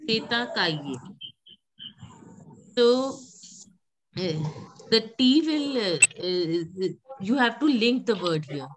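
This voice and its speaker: A woman, teaching a French pronunciation class, patiently repeating words and gently correcting her students. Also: mid-range voice, very animated, takes it slowly, slight background noise.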